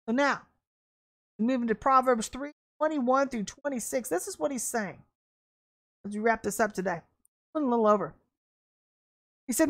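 A woman ministry leader preaching an online sermon, fervent and emphatic, with blunt, folksy talk and bursts of excitement. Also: sits high, normal speed, pauses often.

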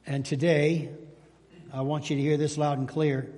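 A man's voice: a little high, flat delivery, moderate pace, a little mellow. Fervent preaching man in a reverberant hall. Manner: fervent preaching with rising emphasis and repeated phrases. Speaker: pastor. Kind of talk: sermon. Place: church sanctuary.

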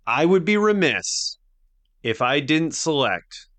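A man co-hosting a casual podcast from home, wry and deliberate in his delivery. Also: on the high side, big pitch swings, fairly bright tone, no room sound. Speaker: podcast co-host. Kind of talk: casual chat.

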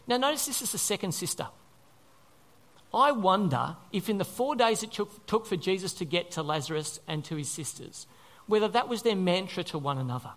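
A man's voice: high-pitched, big pitch swings, moderate pace. A man preaching a sermon as pastor, earnest, repeating phrases for emphasis and asking his listeners questions.

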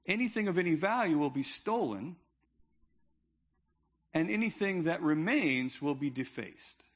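Guy preaching, chatty and punchy, voice a bit on the higher side for a man. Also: animated, unhurried. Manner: conversational, emphatic preaching with humor. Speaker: pastor. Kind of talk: sermon.

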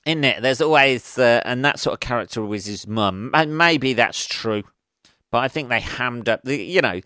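Sweary rambling English comedian podcaster. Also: male voice, mid-range voice, lively intonation, normal speed, bright, forceful tone, dry recording, clean studio sound. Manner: rambling, sweary, self-mocking. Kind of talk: casual solo podcast ramble. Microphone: close podcast mic.

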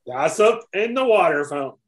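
A man's voice: high-pitched, very animated, moderate pace, low-quality recording. Matter-of-fact man co-hosting a podcast. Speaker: podcast co-host. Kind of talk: casual chat.

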